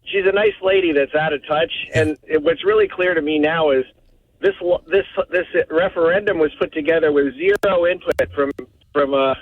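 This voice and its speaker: A man's voice: on the high side, moderate pace, dry recording. A man calling in to a radio show, rambling and repeating words as he talks. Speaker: caller. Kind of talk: phone-in talk. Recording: tinny phone line.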